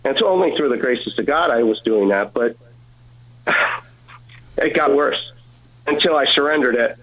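A man's voice: mid-range voice, lively intonation, fairly bright tone, rough recording. Earnest man telling a personal testimony. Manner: earnest, halting, repeats words. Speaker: guest.

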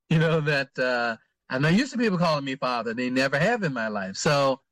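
A man, a priest, answering interview questions in a halting way with many fillers and restarts. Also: medium pitch, animated, a bit bright, dry recording.

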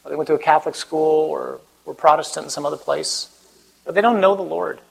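A priest gives a conversational sermon to a live audience, joking and posing questions to listeners. His fairly high, fairly quick voice has vocal fry and a slightly rough quality, and the audio is poor.

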